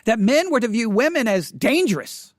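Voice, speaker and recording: A man's voice: very high voice, very animated, normal speed, no room sound, studio quality. A man hosting a casual spoken commentary, emphatic, often restarting his words.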